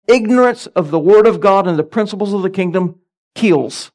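A man's voice: high-pitched, normal speed, a little mellow. A middle-aged man, a pastor, preaching a sermon with emphatic delivery and frequent amens.

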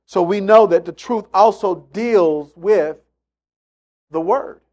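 A man's voice: high-pitched, slow pace, darkish tone. A man preaching a sermon, emphatic and repetitive, acting out the voices of people in his stories. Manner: emphatic, repeats phrases, acts out quotes in story.

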